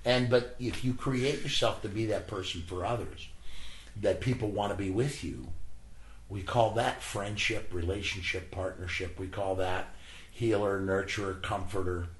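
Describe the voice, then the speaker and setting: A man who works in hospice, telling earnest, animated stories as an interview guest and acting out the voices he quotes. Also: fairly low pitch, moderate pace. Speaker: hospice worker and spiritual guide, interview guest. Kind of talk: conversational storytelling. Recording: echoey room with faint ambience.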